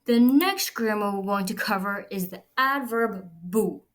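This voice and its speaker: Woman teaching a language lesson, talks slow, patient. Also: mid-range voice. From United States. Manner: patient, explaining step by step. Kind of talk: recorded slide lesson.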